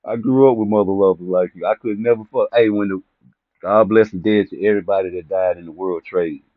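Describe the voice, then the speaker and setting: A man with a fairly low voice and fairly even intonation speaks briskly in a casual comedic rant to camera about boxing personalities. As a boxing commentary vlogger, he rambles, swears, teases people and laughs at his own jokes; the sound is tinny, phone-like and dry, with no echo.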